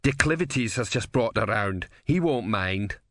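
Man reading as a chatty tavern barman, easygoing, homely talk, lively pitch. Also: normal speed, dry recording, clean studio sound. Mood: friendly.

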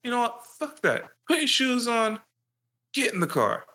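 A man acting out his angry father scolding and threatening him as a small boy, profane and yelling. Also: very high-pitched, very animated, moderate pace, voice pushed up, exaggerated voice. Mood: furious. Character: furious strict father scolding his young son.

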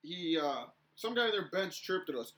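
A young man co-hosting a casual podcast chat, telling stories in an animated way and acting out the shouting. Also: high-pitched, moderate pace. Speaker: podcast co-host.

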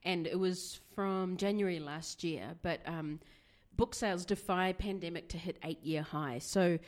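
A woman's voice: lowish voice, measured pace. A woman from Australia co-hosting a book podcast, chatting casually and rambling with fillers. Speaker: podcast co-host, bookshop owner. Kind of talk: casual chat.

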